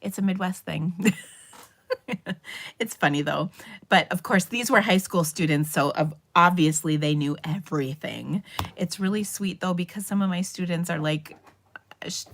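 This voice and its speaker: A middle-aged woman with a Minnesotan accent, chatting casually and rambling on her craft livestream, with fillers and laughs. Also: fairly low pitch. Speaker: papercraft livestream host.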